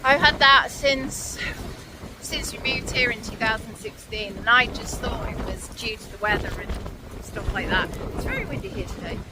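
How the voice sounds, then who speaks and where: A woman in her forties talks breathlessly into her phone, her voice a touch high and her phrases broken by sighs. She is outdoors on a windy hillside, and loud wind noise rushes across the phone mic. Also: lively intonation. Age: 40s. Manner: chatty and candid, pausing to sigh and catch breath. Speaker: vlogger. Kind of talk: casual talk to camera while walking. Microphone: handheld phone.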